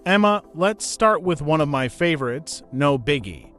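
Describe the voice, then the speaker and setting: A man's voice: a little high, lively intonation, moderate pace, fairly bright tone, soft background music. Upbeat man co-hosting an English lesson. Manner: upbeat, introduces each new phrase. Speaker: co-host and English teacher. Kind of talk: scripted podcast lesson.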